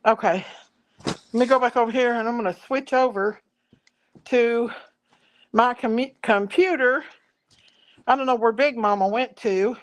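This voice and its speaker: A woman chatting casually to viewers on a livestream from her farm home, rambling and addressing them as y'all. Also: fairly high pitch. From Tennessee. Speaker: livestream host. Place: farm, outdoors then indoors at home. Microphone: phone or laptop.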